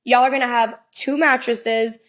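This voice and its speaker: A woman in a casual chat, teasing and talking fast as she makes offers. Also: fairly high pitch, steady tone, a bit bright.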